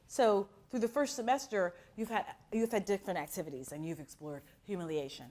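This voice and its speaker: A woman's voice: medium pitch, a little fast, few pauses. A middle-aged woman from Miami teaching an acting class, telling stories and acting out the voices of the people in them. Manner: expressive storyteller who acts out quotes. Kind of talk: animated class talk with acted-out anecdotes.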